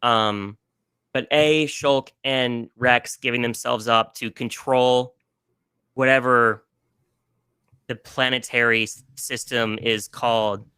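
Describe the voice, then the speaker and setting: A man's voice: medium pitch, fairly even intonation, slow, bright, forceful tone, clean tone, no room sound. A man guest on a casual podcast, talking emotionally and with many restarts about games he loves. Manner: gushing, emotional, restarts often.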